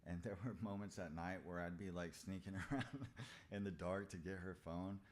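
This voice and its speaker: Very deep-voiced man telling his story. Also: flat delivery. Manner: confessional, halting, swears freely. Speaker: podcast guest. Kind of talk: candid conversational storytelling.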